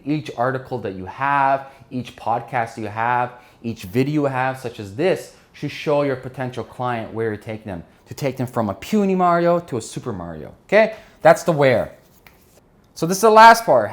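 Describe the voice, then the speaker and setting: A man giving an energetic business lesson while drawing on a board, often checking in with his listeners. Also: mid-range voice. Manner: energetic, keeps checking in with "right?" and "okay?". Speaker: business instructor.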